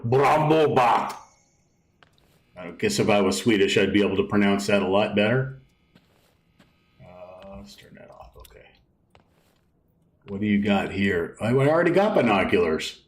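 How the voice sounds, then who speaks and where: A man's voice: lowish voice, expressive, unhurried, pauses often, roomy sound, rough recording. A man streaming a video game live, rambling casually, swearing now and then and reading on-screen text aloud. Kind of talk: casual live gameplay commentary.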